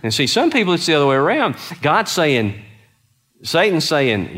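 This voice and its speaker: A man's voice: on the high side, big pitch swings, normal speed, fairly bright tone. A middle-aged man preaching a conversational sermon, telling stories and putting earnest questions to his listeners. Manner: earnest, storytelling, asks the audience questions.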